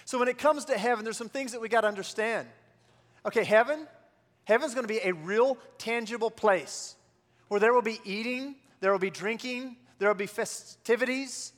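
High-voiced preacher man in a reverberant hall. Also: moderate pace, a bit bright. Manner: call-and-response preaching, repetitive rising refrains. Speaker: pastor. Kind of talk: sermon.

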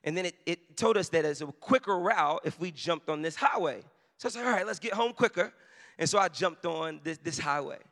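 A man preaching in a church, with a high, bright voice. He tells his story conversationally and pushes into shouted emphasis. His voice rings with the long reverb of a big hall. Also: lively intonation, brisk. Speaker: pastor. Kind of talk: sermon with personal story.

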